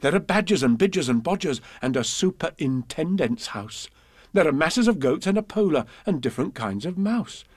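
A man reading children's poems and stories aloud with a gentle, measured recitation. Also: on the high side, very animated, no echo, studio quality. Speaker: reader.

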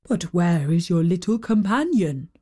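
A woman voicing a huge old male giant in a storybook reading, speaking slow, deep and weighty. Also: lively intonation, warm tone, husky. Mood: tender.

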